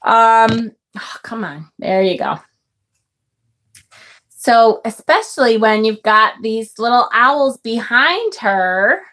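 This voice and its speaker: A middle-aged woman chatting on a live tarot stream, her voice sitting a little high and her pace slow and unhurried. She greets viewers by name and reacts with emotion to what she sees in the cards. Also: expressive, a bit bright. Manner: emotional, gasps and exclaims over card images. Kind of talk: casual live-stream chat.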